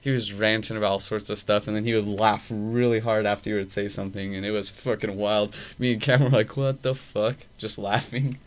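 A man's voice: fairly low pitch, level tone, fast, hardly any pauses. A young man hosting a podcast, telling a loose, profane story full of fillers in casual chat. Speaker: podcast host. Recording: faint background noise.

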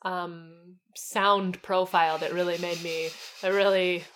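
A woman's voice: on the low side, a little hiss or hum. A woman co-hosting a comedy podcast, chatting casually and hesitantly with lots of fillers. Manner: lively, hesitant, with fillers and quick agreements. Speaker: podcast co-host.

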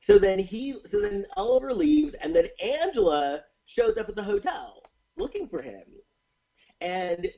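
A man's voice: high voice, unhurried, gravelly. Guy retelling a movie plot on a podcast, voice jumps all over, kinda muffled lo-fi sound. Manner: animated retelling of a plot, with many fillers and restarts. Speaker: podcast co-host recapping a movie. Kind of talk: casual chat.

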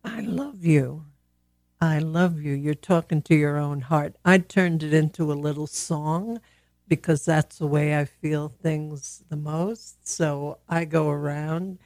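A woman speaking slowly and gently on a podcast, sharing a simple self-love practice with long pauses. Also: low voice, no echo, studio quality. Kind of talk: reflective spiritual podcast talk.

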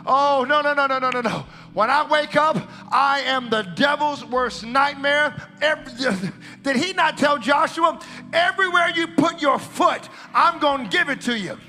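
A man's voice: extremely high pitch, normal speed, sharp tone. A male preacher delivering a revival sermon in church, calling out and repeating phrases. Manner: calls out, repeats phrases, drops to casual aside. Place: church service with band.

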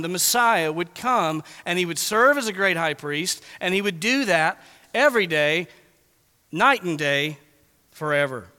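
A man preaching an expository sermon as pastor, earnest, slowing down to read scripture deliberately. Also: sits high, bright, forceful tone, clear, resonant tone. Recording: long reverb of a large hall.

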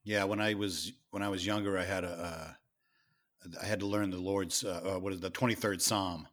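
A man from Worcester, Massachusetts, talks beer with his co-hosts. His voice sits very low, and he speaks in a relaxed, halting way, pausing often to find his words. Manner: relaxed, halting, lots of uh fillers. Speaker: podcast co-host. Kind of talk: casual chat.

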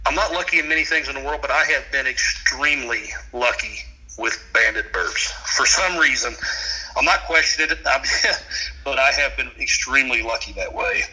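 A man's voice: mid-range voice, bright, forceful tone, rough recording. A man telling hunting stories in a casual, folksy way with rural grammar, often laughing. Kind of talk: casual storytelling.

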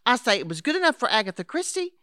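An actress playing Henrietta, a brisk, patronizing elderly woman in an audio drama. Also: a little high, big pitch swings, pushed and bright, no room sound, clean studio sound. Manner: brisk, patronizing, calls others dear and darling. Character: scheming elderly woman, Henrietta, would-be crime writer.

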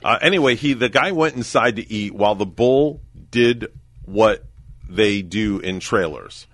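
Male morning radio host, low pitch, animated, jokey storyteller, studio mic. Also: a little slow, no room sound. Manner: joking storyteller, teasing co-hosts. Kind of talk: casual morning radio chat.

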